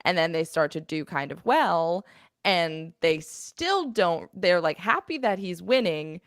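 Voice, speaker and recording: A woman's voice: fairly low pitch, expressive, a little slow, no echo, clean studio sound. A woman co-hosting a casual market-news podcast, explaining points plainly and raising questions. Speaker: podcast co-host.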